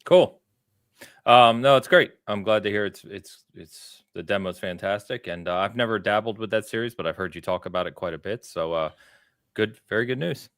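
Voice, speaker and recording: Low-voiced American podcast host. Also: male voice, moderate pace, dry recording, studio quality. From United States. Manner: relaxed, rambling storyteller with filler words. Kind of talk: casual podcast chat.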